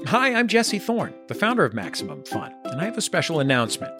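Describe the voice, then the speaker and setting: Deadpan man reading a comic promo over music. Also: on the high side, fast talker. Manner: mock-grand, dry deadpan delivery. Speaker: podcast network founder. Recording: music under the voice.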